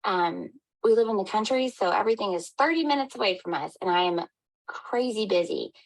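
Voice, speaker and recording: An upbeat woman in her thirties coaching her team, cheering them on with lots of "y'all". Her voice has a gravelly fry at the ends of phrases, and her pitch sits in a mid register. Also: lively intonation, a little fast, low-quality recording. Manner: upbeat, encouraging, addresses listeners as y'all. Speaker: health coach. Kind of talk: motivational team call.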